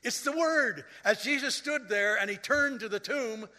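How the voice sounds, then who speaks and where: A man preaching a sermon as a pastor, telling stories slowly and rising to loud, dramatic quoted lines. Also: very high-pitched. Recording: long hall reverb.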